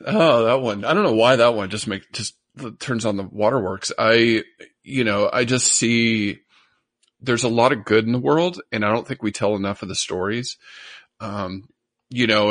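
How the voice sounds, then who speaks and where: A man's voice: medium pitch, moderate pace, fairly bright tone, no echo, studio quality. A man co-hosting a casual podcast, chuckling and getting emotional as he talks. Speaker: podcast co-host.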